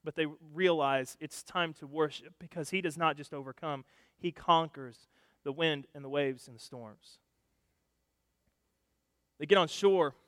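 Male pastor, sermon, high voice, animated storytelling, loud and hushed, dry close mic, long hall reverb. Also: unhurried, pauses often.

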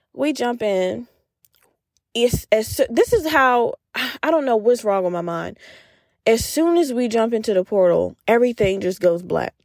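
A woman hosting a podcast, telling a story in a casual, animated way and acting out the voices she quotes, laughing often. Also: on the high side, no room sound, clean studio sound. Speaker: podcast host.

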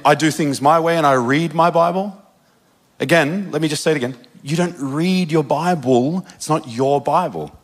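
In a slightly high voice, an Australian preacher with an Australian accent recounts a personal story mid-sermon, dropping quick asides and laughing at himself.

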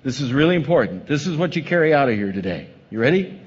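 A pastor preaching a sermon, dramatic and animated, acting out the voices of the people he describes. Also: medium pitch, fast talker, a little hiss or hum. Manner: dramatic, acts out quoted voices with rising intensity. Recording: muffled sound with long hall reverb.

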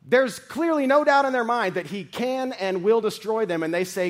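Brief: male pastor, slightly higher voice, preaches with big swings between loud and hushed. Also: animated, moderate pace. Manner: dramatic scripture reading. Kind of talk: sermon.

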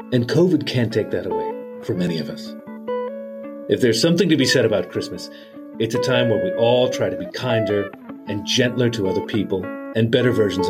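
A man's voice: fairly low pitch, close to an everyday voice. A man playing a jolly, sentimental old Santa Claus as an interview guest, folksy and chuckling. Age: older.

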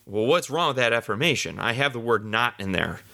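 A man's voice: mid-range voice, animated, fairly quick, vocal fry, sharp tone. A man in his mid-thirties hosting a podcast, talking earnestly and casually through a self-help topic, often repeating himself. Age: 30s. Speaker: podcast host.

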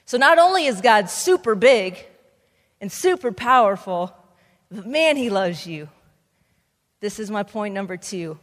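A young adult woman giving an energetic, emphatic sermon as a camp speaker. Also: fairly high pitch. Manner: energetic, emphatic preaching with rising bursts. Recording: speech in a reverberant hall.

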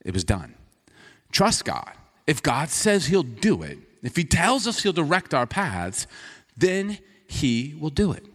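Animated preacher in a reverberant church hall. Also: male voice, on the high side, measured pace, slightly rough. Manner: conversational storytelling preacher, acts out dialogue. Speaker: pastor. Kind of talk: sermon.

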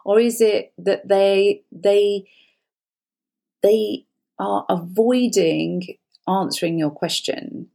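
Speaking slowly and steadily in a warm, creaky, medium-pitched voice, a woman offers advice as a guest psychologist. The talk is conversational, and she earnestly explains and repeats her points often.

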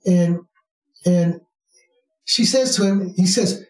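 A man's voice: high-pitched, slow pace, pauses often, a little mellow, far from the mic. A man telling a spiritual story in a rambling casual way, with many restarts and fillers. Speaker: spiritual teacher. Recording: roomy sound, from off mic.

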